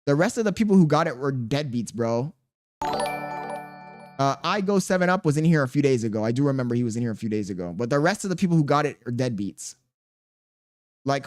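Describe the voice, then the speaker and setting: A man live streaming, reading his chat aloud and bantering back in profane, slangy talk. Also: fairly high pitch. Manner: slangy and animated.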